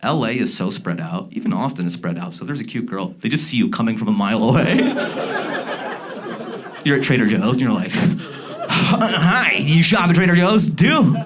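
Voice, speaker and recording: A man doing a stand-up comedy set, animated and jumping into loud, shouted character bits. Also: lowish voice, normal speed. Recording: live comedy club with audience laughter.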